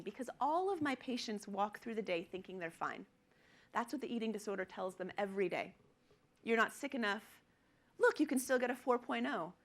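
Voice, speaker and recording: A woman physician in middle age delivers a conference talk at a medium pitch. She is earnest and emphatic, leaning into the quoted patient lines she acts out. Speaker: physician lecturer. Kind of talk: conference presentation.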